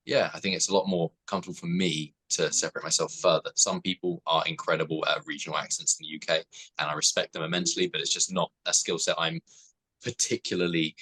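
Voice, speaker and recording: A man's voice: low-pitched, steady tone, quick pace, bright, forceful tone, husky, low-quality recording. A young British man, an actor, chatting casually and thoughtfully as a podcast guest. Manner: laughs often, thoughtful and self-deprecating.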